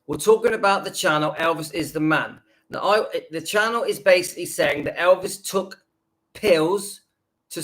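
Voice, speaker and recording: Indignant high-voiced man ranting. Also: fairly bright tone. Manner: indignant, emphatic, repeats himself. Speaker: YouTube channel host. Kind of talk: ranting reaction video.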